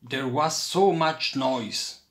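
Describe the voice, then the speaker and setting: A man reading a children's storybook aloud with expressive, unhurried storytelling. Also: medium pitch. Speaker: storybook reader.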